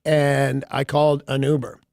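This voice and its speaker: A man's voice: medium pitch, flat delivery, moderate pace, gravelly, a little mellow, no room sound, studio quality. A man hosting a morning radio show, telling a rambling story with wry self-mocking humor. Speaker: radio host. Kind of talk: casual morning radio chat.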